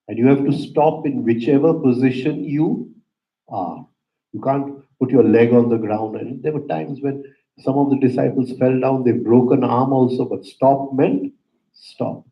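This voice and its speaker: Calm man teaching yoga breathing. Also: mid-range voice. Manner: calm instructive, frequent "right?" asides, soft pauses. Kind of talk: guided breathing lesson with storytelling. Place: yoga center room. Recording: roomy, dull lo-fi hall recording.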